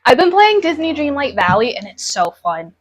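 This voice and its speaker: A young woman chatting with her live-stream audience from home while she makes brunch. Her voice sits a bit high and swings up and down in lively bursts, and she laughs easily between rambling, chatty remarks. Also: normal speed. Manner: bubbly, chatty, laughs often, talks to chat. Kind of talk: casual stream chat while cooking.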